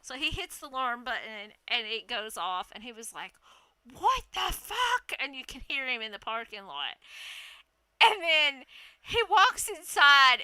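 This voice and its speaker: A woman telling a story casually, animated and laughing, swearing freely. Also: on the high side, clean tone, dry recording.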